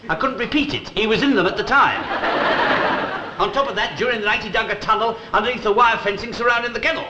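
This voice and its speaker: A man's voice: very high voice, fast, bright, forceful tone, echoey room, muffled recording, a little hiss or hum, exaggerated voice. An actor playing an exasperated, put-upon man in a 1960s British sitcom, wry and blustering. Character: exasperated middle-aged man with an unruly dog. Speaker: Mister Hunt, sitcom lead.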